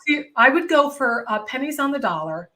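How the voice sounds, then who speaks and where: A middle-aged woman comedian hosting a casual chat show, talking in a chatty, animated, self-mocking way. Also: high-pitched, a little fast. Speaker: podcast host and comedian.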